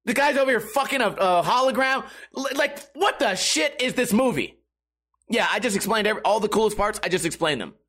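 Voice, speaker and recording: Speaking to his viewers, a man rants casually, swearing often and rambling with restarts in a profane, animated way. His voice is high, slightly rough, and a little fast.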